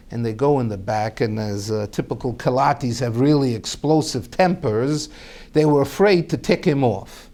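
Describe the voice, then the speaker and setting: A man's voice: mid-range voice, moderate pace, dark tone. A man telling a family story aloud, animatedly acting out each character's voice.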